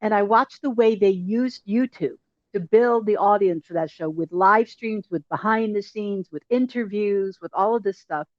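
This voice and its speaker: A woman journalist hosting a casual interview over a video call, talking in quick, animated bursts of enthusiasm. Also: medium pitch, no room sound. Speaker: journalist host. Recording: dull, dry lo-fi call audio.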